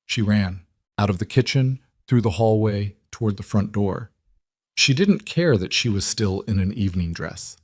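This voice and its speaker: Brief: male storyteller, low voice, dry close-miked sound, even scripted narration. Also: moderate pace, no echo.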